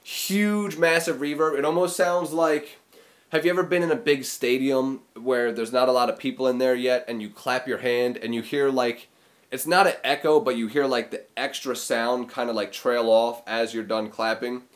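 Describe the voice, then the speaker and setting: A man's voice: medium pitch, steady tone, normal speed. A man hosting a casual music tutorial, talking loosely with lots of fillers and acting out sounds with his voice, recorded in a small room. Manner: rambling, filler-heavy, demonstrates sounds with his voice. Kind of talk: casual explainer video.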